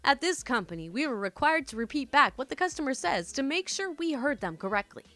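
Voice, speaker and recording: A woman's voice: high-pitched, very animated, brisk, fairly bright tone, faint music behind. A woman hosting a storytime channel, reading stories and chatting casually, swearing and calling listeners "my dudes".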